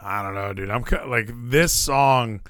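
A man in his thirties co-hosting a casual wrestling podcast, excitable and given to acting out commentators and wrestlers. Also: fairly low pitch, unhurried. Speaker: podcast co-host.

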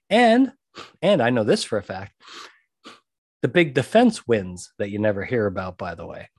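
A man's voice: fairly high pitch, no room sound. Emphatic man giving advice, dry sound. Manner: emphatic, repeats key points, frequent "okay". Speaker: podcast host and jury consultant. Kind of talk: conversational monologue giving advice.

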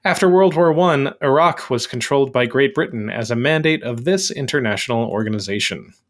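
A man chatting casually on a podcast as he recaps a quiz show episode. His voice sits at an ordinary middle pitch, and his delivery is relaxed and curious. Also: fairly quick. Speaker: podcast co-host.

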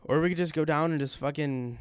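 A man's voice: a little high, fast talker, smooth. A young man co-hosting a podcast, talking casually in a rambling way that often trails off into fillers. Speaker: podcast co-host. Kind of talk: crude casual chat.

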